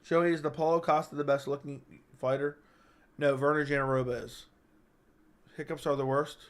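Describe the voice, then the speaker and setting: A man with a slightly raised voice hosts a relaxed live-stream chat, reading viewer comments and answering them. He is stuck with hiccups, so his sentences come out halting and keep restarting. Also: on the high side, smooth. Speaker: MMA channel host.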